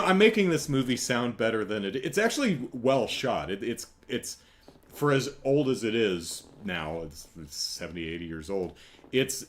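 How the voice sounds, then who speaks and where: A man hosting a solo podcast in a loose, chatty way. He rambles and corrects himself mid-thought. His pitch swings up and down as he tells his stories. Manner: rambling, self-correcting, animated storytelling. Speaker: podcast host. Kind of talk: casual solo podcast chat.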